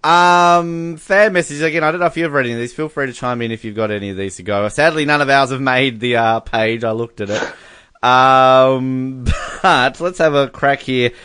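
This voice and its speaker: A man's voice: mid-range voice, normal speed, pushed and bright, clear, resonant tone, dry recording, studio quality. A man, co-hosting a casual chat and reading out fan messages with amusement, laughing often. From Australia. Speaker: podcast co-host.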